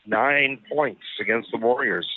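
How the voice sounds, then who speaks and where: A man co-hosting a sports talk show, recapping results in a relaxed, matter-of-fact way. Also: medium pitch, measured pace, no room sound. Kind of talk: casual sports radio chat. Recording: tinny phone-like line.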